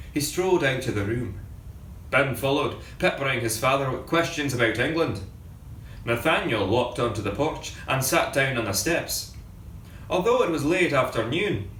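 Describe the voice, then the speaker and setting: A man, a ship captain, reading a story aloud in a measured storytelling manner, recorded from a distance in a reverberant room with faint background ambience. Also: mid-range voice, fairly bright tone, a little hiss or hum.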